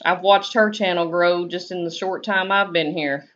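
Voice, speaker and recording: Woman, Southern US accent, low voice, laid-back drawling chat, dull lo-fi stream audio. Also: fairly even intonation, moderate pace, fairly bright tone. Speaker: live stream host. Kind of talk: casual chat reading viewer comments.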